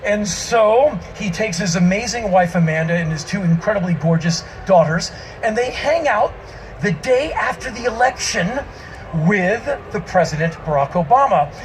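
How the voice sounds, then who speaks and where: Man, spoken-word performer, high voice, emphatic, shouting bursts, stage mic, outdoor festival. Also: expressive, normal speed, a little hiss or hum, rough recording. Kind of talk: stage monologue to a live audience.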